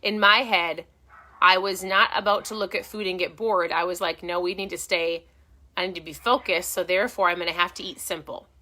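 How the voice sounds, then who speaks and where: A woman's voice: fairly low pitch, steady tone, fairly quick, pushed and bright. A middle-aged woman hosting a casual live stream from her home, giving chatty, encouraging diet tips and often restarting her sentences. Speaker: host of a keto diet channel.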